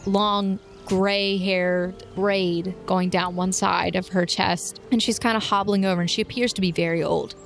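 A woman's voice: mid-range voice, fairly even intonation, unhurried, vocal fry, few pauses, soft background music. A woman narrating as game master of a tabletop game in a casual, chatty way with many fillers.

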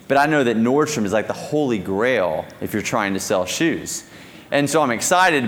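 Man telling a story on a conference stage. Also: medium pitch. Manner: animated, acts out phone call dialogue. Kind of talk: live keynote storytelling. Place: conference stage in a large hall. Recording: long hall reverb from a live keynote.

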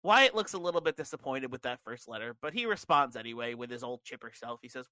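A man's voice: mid-range voice, sing-song, fast talker, hardly any pauses, sharp tone, no room sound, rough recording. A man co-hosting a casual podcast, recapping events step by step. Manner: narrates events step by step with fillers. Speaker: podcast co-host. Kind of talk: casual chat, recapping a wrestling show.

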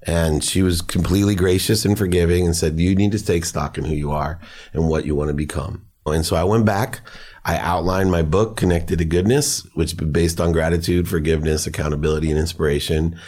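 Guest spot: middle-aged man, very low voice, earnest storytelling. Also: steady tone, fairly quick, a little mellow. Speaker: podcast guest. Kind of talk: personal storytelling.

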